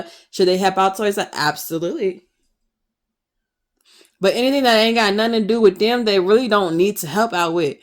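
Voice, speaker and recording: A woman in her twenties ranting passionately to camera in her vlog, firing off emphatic rhetorical questions. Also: fairly low pitch. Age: 20s. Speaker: vlogger.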